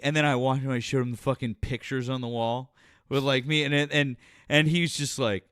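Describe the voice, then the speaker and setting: A man's voice: mid-range voice, fairly even intonation, moderate pace, a bit bright, clear, resonant tone, no room sound, clean studio sound. A man hosting a casual political chat show, telling stories in a rambling way with many restarts. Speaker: podcast host.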